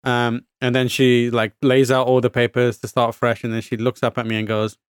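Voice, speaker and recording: A man's voice: medium pitch, normal speed, clear, resonant tone, no room sound, studio quality. A man from the UK telling a story in a casual chat, acting out voices with lots of fillers and swearing. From United Kingdom. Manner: animated storyteller, acts out quoted voices, swears, frequent fillers. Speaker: podcast co-host telling a story.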